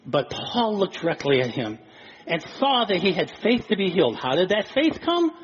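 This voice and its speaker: A male pastor preaching a sermon, animated and acting out little scenes of dialogue. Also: sits high, normal speed, breathy edge. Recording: dull lo-fi recording with faint noise.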